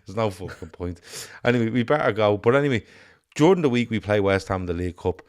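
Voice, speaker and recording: A man hosting a casual football podcast, jokey, quick to laugh and swearing freely. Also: fairly low pitch, animated, darkish tone, clear, resonant tone. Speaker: podcast host.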